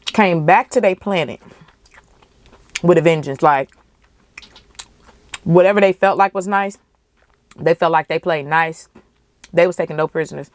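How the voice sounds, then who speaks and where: Podcast host, young woman, low voice, passionate casual movie reaction. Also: a little slow, pauses often, no room sound. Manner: animated, emotional, profane, slangy.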